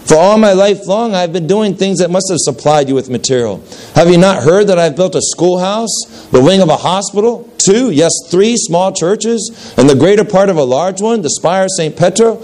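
A man's voice: a little high, normal speed, darkish tone, voice pushed up, close to an everyday voice. A man doing a proud, protesting old man. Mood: insistent. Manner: stammering, earnest, resentful protest. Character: proud, indignant older man pleading his merits. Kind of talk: dramatic reading of a story.

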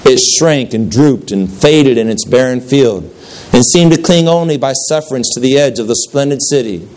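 A man's voice: medium pitch, poor audio. Man narrating a story. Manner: steady, unhurried reading with occasional slips and restarts.

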